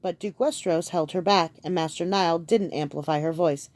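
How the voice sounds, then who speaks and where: A woman reading an audiobook in measured, scripted narration. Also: on the low side, darkish tone, dry recording. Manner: measured storytelling.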